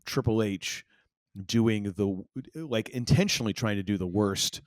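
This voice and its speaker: A low-pitched man from Maine chats casually on a podcast, rambling and circling back with fillers and restarts. His voice sits close to the mic in a dry, dead-sounding space. The talk is loose and easygoing. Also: unhurried, no room sound. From Maine, USA. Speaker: podcast co-host. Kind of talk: casual chat.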